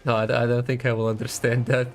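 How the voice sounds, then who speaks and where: A man streams a game in casual commentary, chatty and quick to giggle. He rambles between thoughts. His voice sits at an ordinary pitch for a man. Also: level tone, faint music behind.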